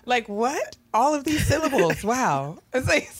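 A woman co-hosting a podcast in relaxed casual chat, laughing along with her friend. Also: high-pitched, measured pace, breathy edge, no room sound. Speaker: podcast co-host.

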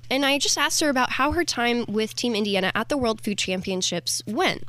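A woman co-hosting a radio morning show and presenting food news, bubbly and quick to laugh. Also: fairly high pitch, expressive, fairly bright tone. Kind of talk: upbeat radio banter.

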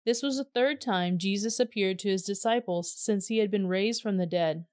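A woman reading a Bible passage aloud in a clear, measured storytelling voice. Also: medium pitch, a little mellow, dry recording, clean studio sound. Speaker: scripture reader.

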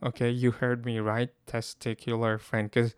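A man giving a casual spoken language lesson, explaining things haltingly with frequent restarts and fillers. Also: medium pitch, monotone, clean tone, no echo, studio quality. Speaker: language teacher.

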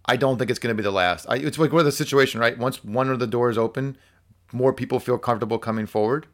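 A man telling a workplace story in casual conversation, animated and full of fillers like "like" and "so". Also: mid-range voice, quick pace. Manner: animated storyteller acting out quotes, many fillers. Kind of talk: casual podcast chat.

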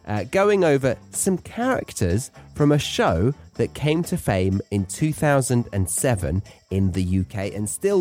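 A man's voice: lowish voice, warm tone. A man with a British accent hosting a podcast for English learners, chatting playfully and repeating words for practice. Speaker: podcast host.

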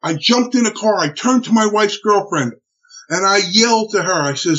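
A man recalls a personal ordeal in an interview, telling it animatedly, restarting his sentences and acting out his own words and others'. His voice sits a bit high and sounds raspy. The recording is muffled and lo-fi. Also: normal speed. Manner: animated storytelling with frequent restarts and acted-out quotes. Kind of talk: emotional spoken recollection. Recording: dull lo-fi recording.

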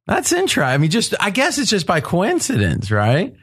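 Animated male podcast host, lively pitch. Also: brisk, slightly rough. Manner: animated, laughing storyteller. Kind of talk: casual roundtable talk.

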